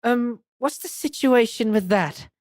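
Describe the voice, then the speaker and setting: A woman's voice: a little high, a little slow, darkish tone, no room sound, clean studio sound, voice pushed up, lightly acted. A woman voicing an earnest young man lawyer who sounds polite and mildly incredulous. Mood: wary.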